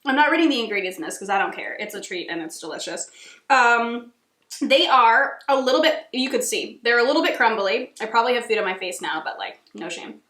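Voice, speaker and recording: A bubbly woman with a Rhode Island accent chats through a snack taste test, gushing and giggling between bites. Her voice sits high and bright, and the room around her is echoey. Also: expressive, fairly quick. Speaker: cooking channel host. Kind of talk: casual taste-test chat.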